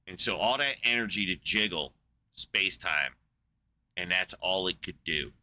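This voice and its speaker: A man's voice: deep voice, moderate pace, bright, forceful tone. A man in a casual, rambling monologue, swearing a lot, incredulous and full of fillers. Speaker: podcast host. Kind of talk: casual profane rant.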